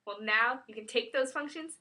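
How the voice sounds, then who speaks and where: A woman's voice: a little high, normal speed, sharp tone. A woman co-hosting a playful homemade math lesson skit, stepping in to correct and finish her partner's sentences.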